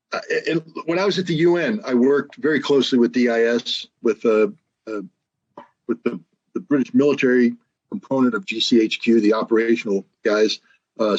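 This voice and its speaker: Man, husky, emphatic storyteller, dull lo-fi recording. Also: medium pitch, darkish tone. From United States. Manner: emphatic storyteller, frequent restarts and laughs. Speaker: guest, former weapons inspector. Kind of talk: casual conversation.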